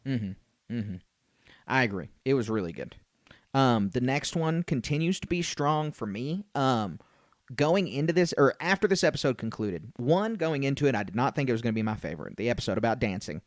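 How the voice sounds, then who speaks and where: A man's voice: medium pitch, sing-song, normal speed, dry recording, studio quality. A young man co-hosting a casual podcast review chat, rambling with frequent fillers and restarts. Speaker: podcast co-host.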